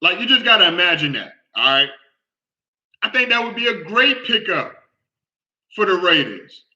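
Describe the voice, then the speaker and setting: A man hosting a casual sports talk show, talking in an animated way, often repeating himself and asking "all right?". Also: high voice, normal speed, highs cut off.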